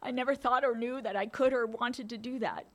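A woman's voice: fairly high pitch, fairly even intonation, a little fast. A woman in her fifties telling candid personal stories as a speaker at a recovery meeting, laughing often. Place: meeting room.

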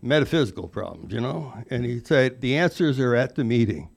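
A man's voice: mid-range voice, very animated, a little fast, gravelly. A man in his forties telling a rambling, self-mocking personal recovery story, full of "you know" asides. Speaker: recovery speaker.

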